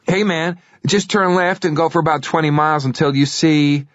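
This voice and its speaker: A man doing a high, panicky young American guy. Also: normal speed, dry recording, highs cut off, lightly acted. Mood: cocky. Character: young drunk American man, cocky then terrified.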